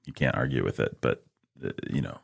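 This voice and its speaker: A man's voice: a bass voice, lively intonation, a little fast, gravelly, breathy edge. A man co-hosting a podcast, chatting casually about books, rambling with restarts. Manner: rambling, restarts, reads patron names. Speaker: podcast co-host. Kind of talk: casual book discussion.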